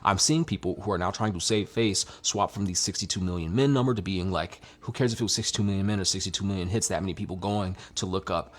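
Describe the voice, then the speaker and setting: Fast-talking, deep-voiced man arguing a point. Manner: argumentative, rapid. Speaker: commentator in a clip. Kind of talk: video commentary.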